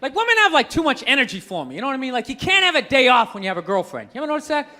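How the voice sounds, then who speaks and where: A man doing a stand-up comedy routine, ranting and swearing in an animated way to a live audience. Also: extremely high pitch, very fast. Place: large hall with an audience. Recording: echoey hall, faint crowd noise.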